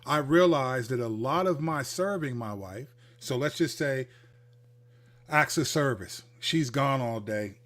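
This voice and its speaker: A man hosting a livestreamed Christian teaching talk, speaking in an animated, conversational way and acting out the people he quotes. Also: mid-range voice, unhurried. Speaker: host, Christian counselor.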